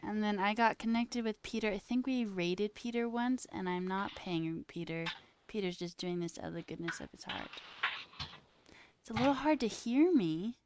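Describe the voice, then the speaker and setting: A woman's voice: medium pitch, normal speed, background noise. A woman hosting a casual livestream, chatting to her viewers and plainly explaining the project she is coding. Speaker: streamer host.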